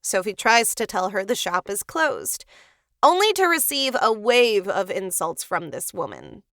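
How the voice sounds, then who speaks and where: A woman's voice: mid-range voice, big pitch swings, unhurried, sharp tone, no room sound, clean studio sound. A woman co-hosting a podcast, recapping a film in a chatty, playful way. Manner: chatty and playful, cheering the heroine on. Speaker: podcast co-host. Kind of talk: reading a film recap, with asides.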